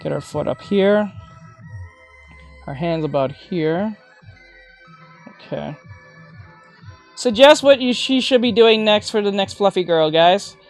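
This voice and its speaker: A woman art teacher chatting casually on a livestream while drawing, gushing with thanks and breaking into excited shouts. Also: mid-range voice, slow, pauses often. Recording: faint music behind.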